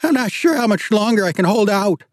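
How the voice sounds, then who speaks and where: A male narrator voicing a desperate, unstable middle-aged woman holding a hostage, shouting shrilly and frantically. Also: high-pitched, animated, fairly quick, no echo, studio quality, pitched above the performer's own voice. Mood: frantic.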